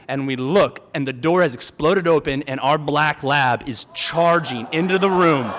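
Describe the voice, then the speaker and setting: A man in his thirties telling a true story on stage, chatty and animated, full of filler words, acting out his siblings with sudden shouts. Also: on the high side, normal speed, hardly any pauses, a little hiss or hum. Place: theater stage before an audience. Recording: long hall reverb, faint ambience.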